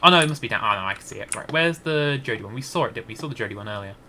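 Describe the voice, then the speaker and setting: A man's voice: mid-range voice, expressive, racing, sharp tone, slight background noise. A Scottish man giving rambling, hesitant gameplay commentary into a desk mic, with many restarts. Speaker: gaming YouTuber.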